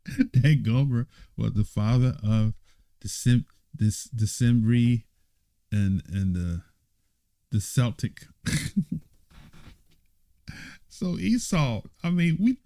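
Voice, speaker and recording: Animated man leading a Bible study. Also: mid-range voice, slow, pauses often, dry recording. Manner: animated, teasing asides with laughter; mock-surprised exclamations. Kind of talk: Bible study, reading aloud and commenting.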